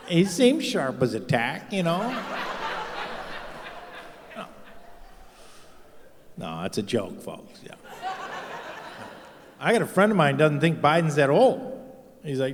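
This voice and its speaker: A man's voice: on the high side, sing-song, slow pace, long pauses, background noise. A man doing a stand-up comedy set on stage, rambling and swearing freely in a self-deprecating way. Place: stage in a live venue. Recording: live venue with long hall reverb.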